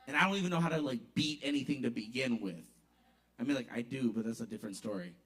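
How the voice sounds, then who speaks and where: A man's voice: mid-range voice, quick pace, fairly bright tone. A man doing comic storytelling at an open mic in a small bar, casual and conversational, acting out the people in it. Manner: casual, conversational, acts out voices.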